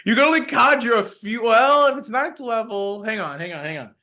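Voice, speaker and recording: A male co-host in casual gaming chat, halting and repeating himself as he looks up rules. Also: very high voice, bright, forceful tone. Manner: halting, restarts and repeats while looking up rules.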